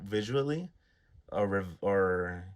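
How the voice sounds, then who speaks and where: Low-voiced man rambling casually. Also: expressive, slow pace. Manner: rambling, searches for words. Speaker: podcast host. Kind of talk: casual chat.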